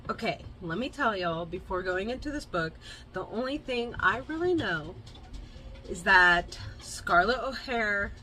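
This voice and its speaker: A woman's voice: medium pitch, animated, measured pace, pushed and bright, soft background music, poor audio. A young woman from Kansas with a Midwestern American accent, chatting casually as she hosts a book review. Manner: bubbly, chatty, lots of asides. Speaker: book reviewer, channel host.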